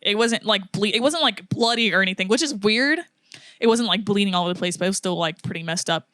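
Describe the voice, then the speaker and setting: A woman's voice: mid-range voice, quick pace, no echo. Young woman telling a story, dry close mic. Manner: animated storyteller, acts out quotes, laughs often. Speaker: podcast co-host. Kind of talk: casual storytelling chat.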